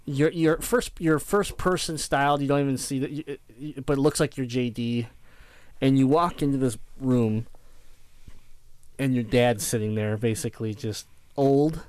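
A man co-hosting a casual chat about video games, rambling and acting out his own excited reactions. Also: mid-range voice, moderate pace, smooth, no echo. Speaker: podcast co-host.

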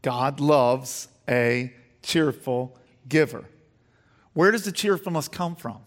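A man's voice: lively intonation, slow pace, in a large hall. A male pastor preaching a sermon to his congregation. He asks the congregation questions, restarts phrases, and builds emphatically as he goes. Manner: emphatic preaching that rises in pitch and volume as he builds. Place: church sanctuary with long reverb.

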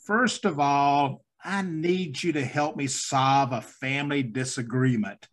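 A middle-aged man hosting an interview podcast, genial and quick to laugh, with some halting restarts. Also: medium pitch. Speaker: podcast host.

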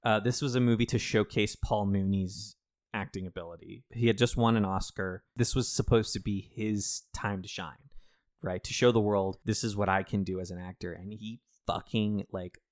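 A man's voice: lowish voice, fairly even intonation, normal speed, a little mellow, dry recording, studio quality. A man co-hosting a podcast, chatting casually and emphatically about a film and swearing freely. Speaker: podcast co-host.

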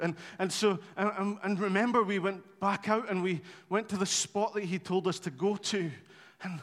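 A man preaching a sermon, telling stories in an animated, conversational way with touches of humour. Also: high-pitched, moderate pace, hardly any pauses. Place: church hall. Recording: long hall reverb.

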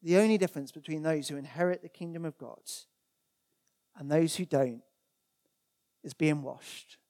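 Rich: A preacher giving a sermon in a church in a mellow, darker-toned voice. The delivery is earnest and emphatic, leaning on repeated words to drive each point home, with Bible verses read aloud along the way. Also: mid-range voice, moderate pace.

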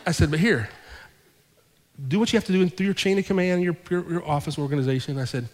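A man with a fairly high voice preaches from the pulpit, retelling a story and voicing each person's lines as he goes. His words ring out through a church sanctuary with a long reverb tail. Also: quick pace. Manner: animated retelling with quoted dialogue. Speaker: pastor. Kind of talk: sermon storytelling.

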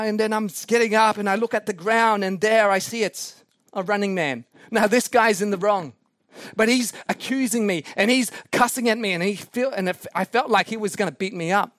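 Male preacher, high register, sermon storytelling, jokes at his own expense, dry close recording. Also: moderate pace, dry recording. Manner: animated, self-mocking anecdotes with laughs.

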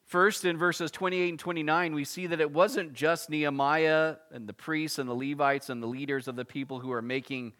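Male pastor, casual animated preaching, fairly high voice, scripture reading and explanation. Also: moderate pace, hardly any pauses. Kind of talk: expository sermon.

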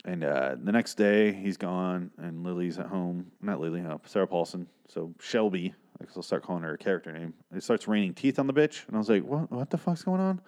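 A man's voice: low-pitched, a little fast, hardly any pauses, darkish tone. A man hosting a podcast, recapping a TV episode in a casual, profane, sarcastic and rambling way. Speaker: podcast host.

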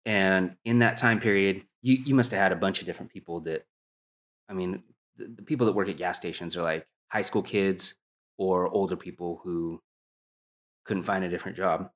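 A man's voice: sits low, fairly even intonation, moderate pace. A man interviewing a relative, prompting with short questions and backchannels.

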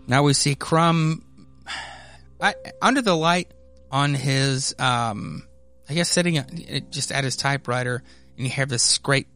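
A man's voice: medium pitch, a bit bright. A man hosting a casual comic book podcast, narrating and chatting in a loose, rambling way. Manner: rambling, loose, many fillers and restarts. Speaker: podcast host.

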